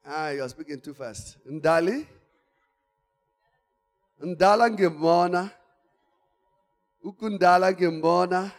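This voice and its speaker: A man preaching a sermon, swinging from quiet asides to shouted exhortation. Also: high-pitched, slow pace, pauses often. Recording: long church-hall reverb.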